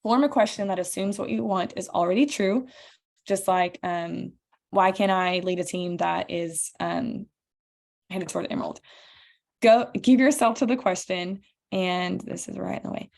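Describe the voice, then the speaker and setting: Gravelly-voiced woman leading a team call. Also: fairly low pitch, normal speed. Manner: earnest, encouraging, addresses listeners as "y'all". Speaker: team leader hosting a call. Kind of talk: motivational training talk.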